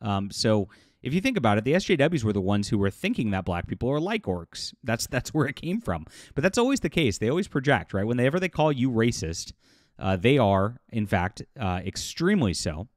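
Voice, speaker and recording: A man giving casual, scornful commentary for his video channel, laughing often and filling pauses with "uh". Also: medium pitch, big pitch swings, no echo, studio quality. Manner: scornful, mocking, laughs often, many fillers. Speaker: YouTube commentator.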